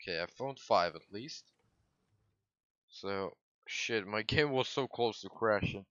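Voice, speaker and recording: A man giving casual, excitable commentary while livestreaming a strategy game, swearing and breaking into sudden loud outbursts. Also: on the low side, takes it slowly, dry recording, lo-fi sound. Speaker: gaming livestreamer.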